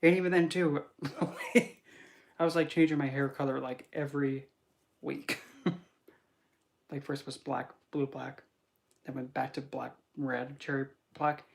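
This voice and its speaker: A young man who does spiritual readings chats casually on a livestream, telling rambling, animated stories packed with fillers. His medium-pitched voice is creaky and a little slow, with frequent pauses.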